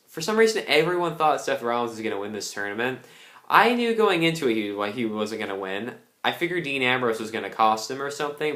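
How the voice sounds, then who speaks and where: A young man with a mid-range, fairly bright voice rants angrily through a casual wrestling review, swearing a lot. The recording has a roomy echo.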